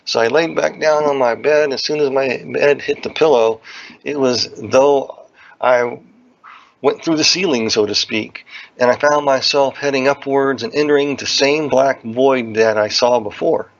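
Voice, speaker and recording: A man's voice: mid-range voice, a little slow, a little hiss or hum. A man telling a personal religious testimony in an earnest, plain-spoken way, often repeating phrases for emphasis. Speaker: speaker giving a testimony. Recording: dull lo-fi recording.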